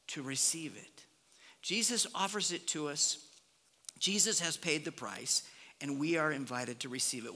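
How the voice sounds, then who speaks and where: A pastor from Nebraska preaching a conversational sermon, swinging between lively emphasis and hushed, almost whispered reflection. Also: male voice, a little high. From Nebraska, USA. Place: church sanctuary. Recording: long reverb of a church hall.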